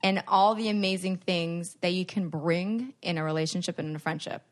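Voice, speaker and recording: Lower-voiced woman, teasing guest. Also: brisk. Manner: supportive, teasing friend. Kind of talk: casual chat.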